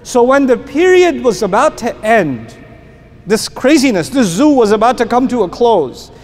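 A middle-aged man giving an animated religious talk, acting out classroom stories and dropping to hushed tones. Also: very high-pitched, moderate pace. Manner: animated storyteller, acts out scenes, drops to quiet hushed tones. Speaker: Islamic teacher and speaker. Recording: long reverb of a hall, faint noise.

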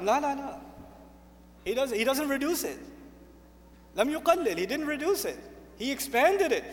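A man delivering a sermon to a seated audience, energetic and emphatic, repeating phrases for weight and reciting Arabic verses. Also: very high-pitched, normal speed, long pauses, in a large hall, slight background noise. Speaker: Islamic speaker. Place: lecture hall with an audience.

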